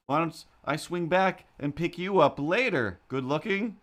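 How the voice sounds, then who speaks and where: A man's voice: fairly high pitch, lively intonation, fairly bright tone, voice pushed up. A man putting on a sleazy catcalling driver. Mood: leering. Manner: smarmy, drawn-out flirting.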